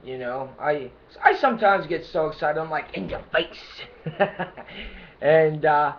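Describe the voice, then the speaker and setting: A man giving an unscripted motivational talk to camera, hesitant and full of fillers and restarts, with bursts of excitement. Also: fairly high pitch, measured pace, lo-fi sound. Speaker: self-help vlogger.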